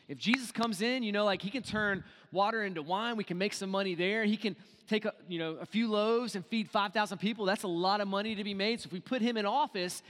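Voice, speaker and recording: A man preaching in a church, his voice sitting high for a man. He plays out the quoted voices with energy, then drops to a hush. The sound rings with a long hall reverb. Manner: animated, acts out quoted voices, swings from loud to hushed. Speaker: pastor. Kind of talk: sermon.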